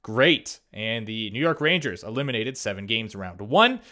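A young man with a bright, forward voice talks through a hockey game simulation in a casual commentary style. He is excitable and quick to react, often breaking into little laughs and surprised exclamations as he reads the numbers. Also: on the low side. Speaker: gaming YouTuber.

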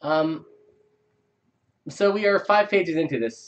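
A man hosting a live screenwriting show, reading a script aloud with quick asides. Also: on the high side, muffled recording. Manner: animated, quick asides between script lines. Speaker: host reading a viewer script. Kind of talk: live chat critique.

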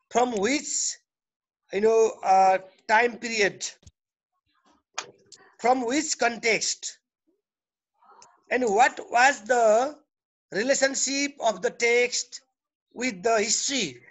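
Teacher, male, Nepali English accent, repetitive explaining style with frequent "okay?" check-ins. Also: sits high. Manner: repeats and restarts phrases, checks in with "okay?". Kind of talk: classroom lecture.

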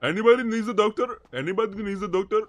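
A man's voice: high-pitched, quick pace, voice pushed up, close to an everyday voice. A man voicing an overeager fake male doctor with a put-on accent, repeating "my friend" in a sing-song way. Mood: fussing.

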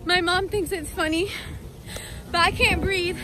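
A young woman vlogging outdoors in a cemetery, excitable and jumpy, with nervous laughs. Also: very high voice, a little slow, over music, low-quality recording. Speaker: paranormal vlogger. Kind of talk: casual vlog commentary. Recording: outdoor ambience and passing vehicles.

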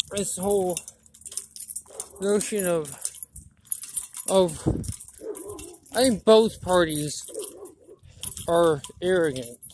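A woman's voice: lowish voice, a little mellow, a little hiss or hum. A woman vlogger delivering a blunt, profane political rant, indignant and preachy, with many restarts.

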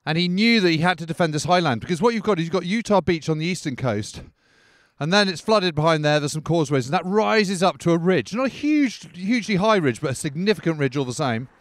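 A man's voice: on the high side, animated, quick pace, no echo, clean studio sound. A male podcast host giving a rambling on-location commentary outdoors, peppered with "sort of" and "kind of", while walking along a country road.

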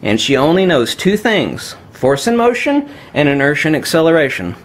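A man talking viewers through a magnet demonstration, emphatic and unscripted, calling them kiddies. His pitch swings widely from phrase to phrase. His voice sits a little high for a man. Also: very animated, normal speed.

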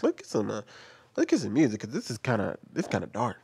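A man's voice: fairly low pitch, wildly swooping pitch, fast, creaky, darkish tone, breathy edge. A man giving casual commentary on social media posts, rambling and correcting himself as he goes. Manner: rambling, self-correcting, reads posts aloud.

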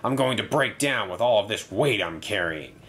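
A man's voice: on the low side, expressive, normal speed, a bit bright. Male narrator as a grouchy, impatient bus. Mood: cross. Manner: grumbling, impatient. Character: grumpy cross male bus.

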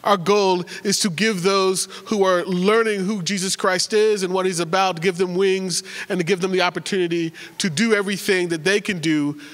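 A man with a high, bright voice gives announcements to his congregation from the pulpit. He is chatty and joking, often stumbling and restarting his words. His voice rings out with a long reverb in a large church sanctuary. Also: steady tone, moderate pace, hardly any pauses. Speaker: pastor.

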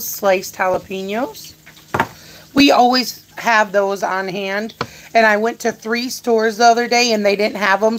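A woman's voice: mid-range voice, a little hiss or hum, low-quality recording. A woman hosting a casual live grocery haul, chatting to her viewers and her dog as she goes. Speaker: live-stream host.

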